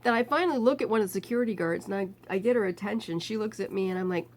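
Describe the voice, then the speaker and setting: A woman vlogger telling a personal story to camera, animatedly acting out the people in it and dropping to a weary, quiet tone when describing her pain. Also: mid-range voice, very fast, few pauses, slight background noise.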